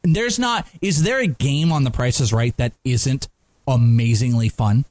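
A man's voice: medium pitch, normal speed, darkish tone, no echo. A man co-hosting a casual podcast chat, joking and laughing often. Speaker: podcast co-host.

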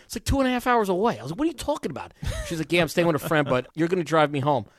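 A man hosting a sports talk radio show, telling stories with loud bursts of excitement. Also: fairly high pitch, rapid-fire, dry recording, studio quality. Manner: animated storyteller, bursts into loud exclamations.

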